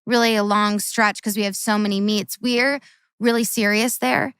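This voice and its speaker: A woman's voice: medium pitch, steady tone, normal speed, fairly bright tone, clean tone, no echo. A woman in her thirties, a former Olympic gymnast, tells stories in casual chat, earnest and tumbling, often repeating herself.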